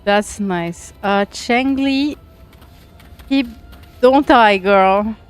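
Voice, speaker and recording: A French-accented woman streams a game and chats with her viewers, giggly and chatty. She speaks very slowly in a smooth, clear voice. Faint game music plays behind her. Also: mid-range voice. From France. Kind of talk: casual live-stream chat while gaming.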